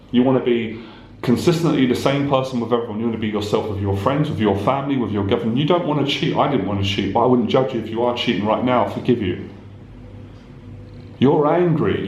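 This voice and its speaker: An intense male life coach preaches straight to the viewer in short, repetitive bursts, now and then swearing. His voice sits at a middle pitch. The echoey room gives it a roomy sound. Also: a little mellow, slight background noise. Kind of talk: direct-to-camera motivational talk.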